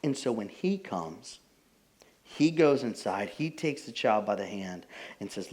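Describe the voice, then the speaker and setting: A man's voice: fairly low pitch, takes it slowly. A young adult man preaching a casual, conversational sermon as pastor, telling stories with plenty of filler words. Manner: animated storytelling, many fillers like "like".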